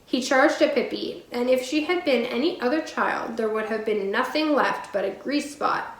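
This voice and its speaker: A woman teacher reading a storybook aloud in a clear, steady storytelling voice. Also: fairly high pitch, normal speed, roomy sound, low-quality recording.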